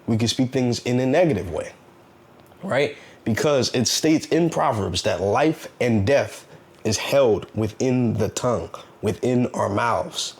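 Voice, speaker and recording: Man, self-help vlogger, casual motivational monologue, earnest and preachy, leans on rhetorical questions, mid-range voice. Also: mid-range voice.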